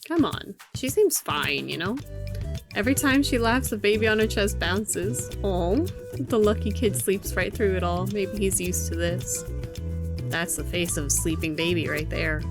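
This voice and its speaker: A woman's voice: mid-range voice, measured pace, music in the background. A woman streamer reading a visual novel aloud and commenting, amused and profane, laughing often.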